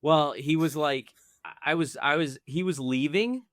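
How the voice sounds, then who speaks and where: On a podcast, a male co-host rambles through an anecdote in casual chat, his fairly high voice moving a little slowly with no echo. He fills it with "like" and "I don't know" throughout.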